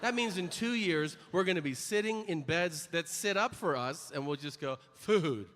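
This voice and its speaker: A man's voice: fairly high pitch, moderate pace, fairly bright tone, in a large hall. A man performing a stand-up comedy set, ranting with exasperated, profane punchlines and acted-out voices.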